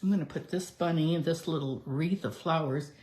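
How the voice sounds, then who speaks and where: A woman leads a live card-making demonstration, chatting through each step as she works. Her voice sits low and mellow. The sound carries the echo of a roomy space. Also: normal speed. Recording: echoey room.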